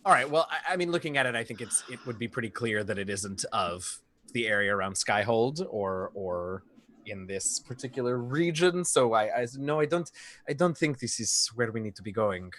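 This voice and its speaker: A man playing a tabletop game who hesitates and restarts his sentences while thinking out loud. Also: medium pitch, animated, moderate pace, no echo. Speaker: player. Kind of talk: tabletop role-play chat.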